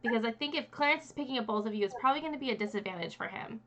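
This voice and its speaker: Woman GM, bright, a little high, casual and halting. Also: slight background noise. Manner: casual, halting, with fillers and restarts. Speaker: game master. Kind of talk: narrating a tabletop game.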